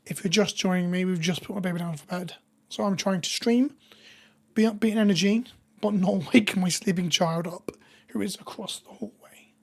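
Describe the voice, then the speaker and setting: A woman with a hoarse voice, chatting casually with viewers on a live stream. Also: lowish voice, moderate pace. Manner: chatty, reads viewer names and jokes with chat.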